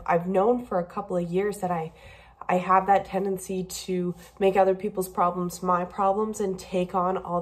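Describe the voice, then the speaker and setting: A young woman talking candidly in a personal video diary, emotional and a bit rambling, tearful at times. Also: medium pitch. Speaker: vlogger.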